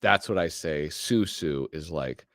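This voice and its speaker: A man's voice: a bass voice, a little slow, a bit bright, no room sound, clean studio sound. A man hosting a live show, chatting casually with rambling, joking asides that trail off mid-thought. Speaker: host. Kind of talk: casual live-stream commentary.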